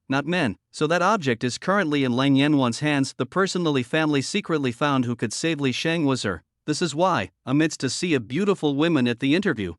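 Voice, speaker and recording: A man reading a scripted story recap as the narrator, in an even, steady delivery. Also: on the high side, no room sound, studio quality.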